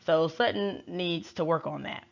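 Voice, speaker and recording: Her voice is gravelly, fairly low and a little slow as this tarot reader casually recaps with chatty, wry slang. The sound is dull and lo-fi.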